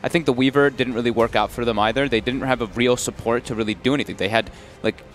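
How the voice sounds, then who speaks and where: A man analyzing a match on a panel, talking fast with many fillers. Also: mid-range voice, fairly bright tone, soft background music. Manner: rapid, filler-heavy. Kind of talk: casual game analysis.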